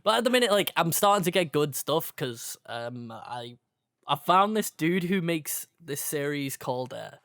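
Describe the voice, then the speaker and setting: A man's voice: on the high side, expressive, normal speed, fairly bright tone, no echo, clean studio sound. A man, co-hosting a podcast in rambling, laid-back casual chat full of swearing. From England, near Liverpool. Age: 20s. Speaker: podcast co-host.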